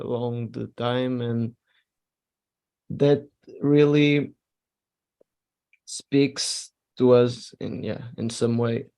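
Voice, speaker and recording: A man with a mid-pitched voice talks very slowly in a casual podcast chat. He speaks haltingly, restarting and searching for the right words. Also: vocal fry, dark tone.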